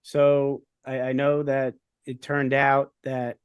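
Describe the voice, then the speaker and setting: A man's voice: medium pitch, monotone, slow, clean tone, no echo, lo-fi sound. A man hosting an interview, mostly giving short affirmations and asking follow-up questions. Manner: brief affirming backchannels. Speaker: podcast host.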